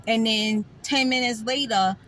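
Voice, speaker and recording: A woman's voice: fairly high pitch, measured pace, fairly bright tone, slight background noise, poor audio. Blunt, sassy middle-aged woman vlogger. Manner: blunt and sassy, with wry laughs. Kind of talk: casual talking-to-camera monologue.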